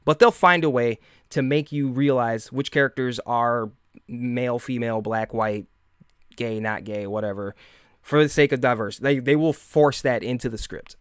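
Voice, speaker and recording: A man's voice: medium pitch, normal speed, clean tone, no room sound, clean studio sound. A man with a Michigan accent hosting a casual live-stream monologue, rambling and sarcastic, full of fillers and restarts. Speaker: podcast host.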